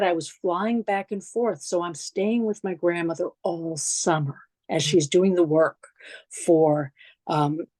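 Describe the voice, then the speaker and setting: Low-voiced woman telling family stories at a lecture. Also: a little mellow, no room sound. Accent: New York. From New York City. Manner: conversational, reflective, frequent restarts and asides. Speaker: memorial lecture presenter. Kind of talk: personal storytelling lecture with slides.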